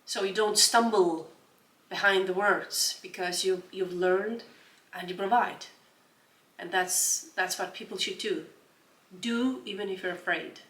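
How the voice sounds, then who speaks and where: A woman's voice: medium pitch, fairly even intonation, unhurried, fairly bright tone. A woman in her forties from Estonia, speaking English as an as an interview guest, earnest and often restarting while she searches for words. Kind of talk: casual interview chat. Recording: roomy room, distant mic.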